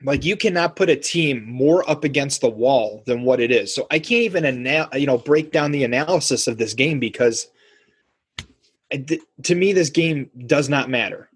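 Man, husky voice, casual sports podcast co-host, animated. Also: mid-range voice, moderate pace. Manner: animated, acts out quotes in voices.

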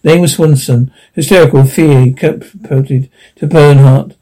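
A man reading a science-fiction story aloud, with a halting delivery that often stumbles and repeats. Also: medium pitch, fairly even intonation, dark tone, rough recording. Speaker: audiobook narrator. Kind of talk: sci-fi audiobook reading.

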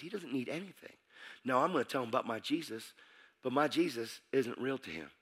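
A man preaching a testimony, animated and emphatic, dropping to a hush and then shouting as he acts out the scenes. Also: mid-range voice. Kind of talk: sermon testimony storytelling.

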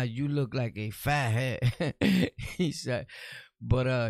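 A man's voice: medium pitch, no room sound. A man hosting his own podcast, talking bluntly and rambling in a casual, streetwise way as he answers viewer comments. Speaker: podcast host.

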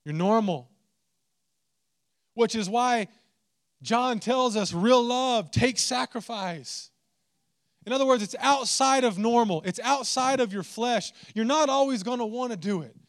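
A man preaching a sermon, animated and humorous, swinging into mock exasperation. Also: very high voice, unhurried. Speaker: pastor.

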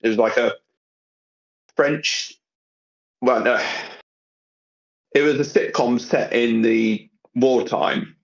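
A man's voice: mid-range voice, steady tone, slow pace, gravelly, long pauses, highs cut off. A man from England, guesting on a casual podcast with wry teasing. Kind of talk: casual group podcast banter.

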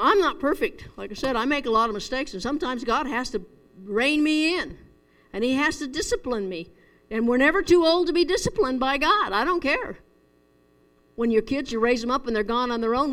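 A middle-aged woman delivers a down-to-earth sermon in an earnest, storytelling way. Her voice sits a little high. The room gives it a long, echoey hall reverb. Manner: earnest, storytelling, chuckles at herself. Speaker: preacher. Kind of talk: conversational sermon.

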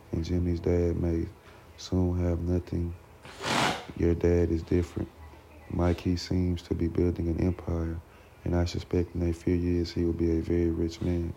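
A man reading as a gentle teacher dad. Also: sits low, gravelly. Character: gentle middle-aged schoolteacher father. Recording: dull lo-fi recording with faint noise.

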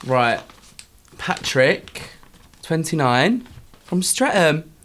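A young man co-hosting a casual podcast, reading out listener dilemmas with loud laughs and dramatic shrieks. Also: a little high, sing-song, very slow, slight background noise. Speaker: podcast co-host.

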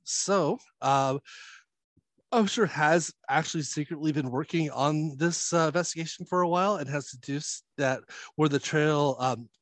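Rambling man recapping comics, higher voice. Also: normal speed, dry recording. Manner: rambling, many fillers and chuckles. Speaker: podcast host. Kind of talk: casual comic book recap chat.

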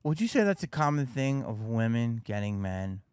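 A man's voice: mid-range voice, big pitch swings, moderate pace, a little mellow, smooth, no echo, clean studio sound. A man hosting a podcast and chatting casually, blunt and swearing freely. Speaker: podcast host. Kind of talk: casual chat.

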